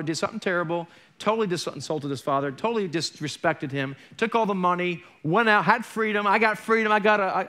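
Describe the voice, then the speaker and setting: A man's voice: high-pitched, sharp tone. A man pastor preaching a sermon in a conversational way, with jokey asides and acted-out quotes.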